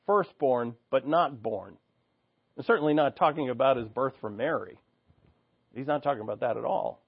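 A man delivers an expository sermon at an ordinary middle pitch, reading scripture and then explaining it with earnest asides and restarts. The recording is dry, with no room sound, and a little dull and lo-fi. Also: moderate pace, gravelly, husky, no room sound. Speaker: preacher.

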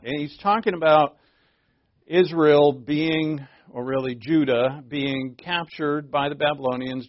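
A male pastor teaches scripture in a loose, conversational way, filling pauses with uhs and poking fun at himself. His voice sits at a middling pitch. The recording is dry and somewhat muffled. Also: no echo. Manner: conversational, self-deprecating, with frequent fillers. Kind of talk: expository sermon.

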